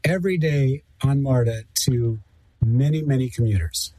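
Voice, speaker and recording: A man as a radio reporter, asking questions calmly and politely. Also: medium pitch, moderate pace, dry recording, rough recording. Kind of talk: radio interview.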